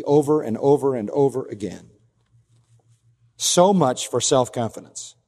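A man's voice: medium pitch, a little mellow, long reverb tail. A man preaching an expository sermon as pastor, emphatic, acting out quoted lines in a raised voice.

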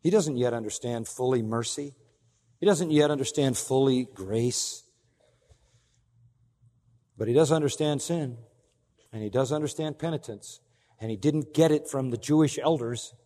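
A man preaching an expository sermon as pastor, emphatic, with big swings in pitch and loudness and rhetorical questions to the congregation. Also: big-room sound.

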